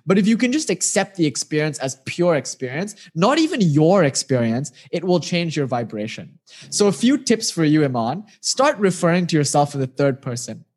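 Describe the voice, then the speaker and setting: A man teaching meditation in a patient, gently instructive way, speaking casually over a video call. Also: on the high side, very animated, normal speed.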